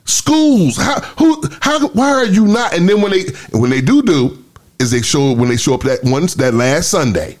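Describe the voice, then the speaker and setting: A man's voice: a little high, very animated, moderate pace, darkish tone. A man, co-hosting a casual podcast discussion in an emphatic, preachy way. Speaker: podcast co-host.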